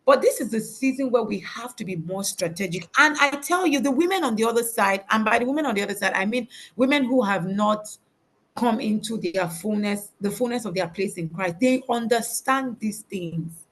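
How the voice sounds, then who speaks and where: A woman's voice: on the high side, lively intonation, moderate pace, a bit bright. Woman preaching confidence on a video call, hammers key words over and over. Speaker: motivational speaker. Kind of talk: faith-based motivational talk.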